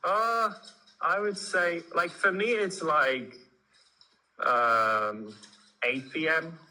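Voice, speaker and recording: Hesitant man from Poland, bright voice. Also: on the high side, extremely slow, rough recording. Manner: hesitant, many fillers, searches for words. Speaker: caller practising speaking. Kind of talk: casual chat on a video call. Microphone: video call.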